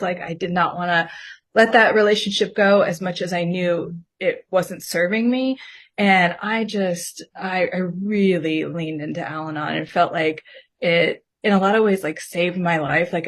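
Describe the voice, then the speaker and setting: A woman guest on a podcast, candidly telling her personal story and acting out her past self in mocking quoted asides. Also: on the low side.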